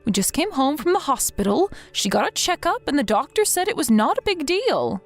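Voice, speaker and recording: A woman's voice: high voice, very animated, fairly quick. A woman reading the lines of an overworked young wife and mother who apologizes and pleads for help, in a scripted text-message story. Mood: apologetic. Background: faint background music.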